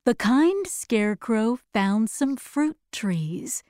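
A woman reading a storybook aloud, clear and expressive. Her voice is high and moves up and down a lot, and she takes her time. The recording is close and dry. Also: slow, no echo. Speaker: narrator. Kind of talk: scripted storybook narration.

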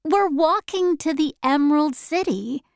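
A woman's voice: sits high, a little slow, gravelly, no echo, clean studio sound, voice pushed up. A woman voicing a kind, curious young girl in a storybook reading, her tone raised and eager. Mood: earnest.

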